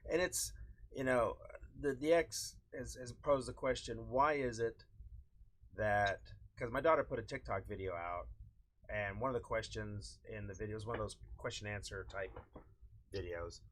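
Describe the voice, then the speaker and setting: Low-voiced man telling candid stories. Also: normal speed. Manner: candid, rambling storytelling with many fillers. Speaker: podcast co-host. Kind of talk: casual chat.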